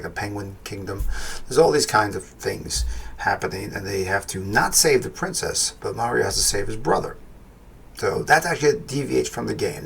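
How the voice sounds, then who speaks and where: Gravelly low-voiced man hosting a film review. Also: a little hiss or hum. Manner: unscripted, hesitant, many fillers and restarts. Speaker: podcast host, film reviewer. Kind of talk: casual spoken film review.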